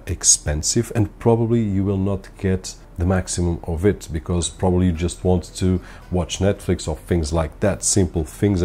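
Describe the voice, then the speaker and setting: Male tech reviewer; deep, dark voice; relaxed, explanatory delivery with recurring stock phrases. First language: Portuguese. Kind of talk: casual product review to camera. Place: home.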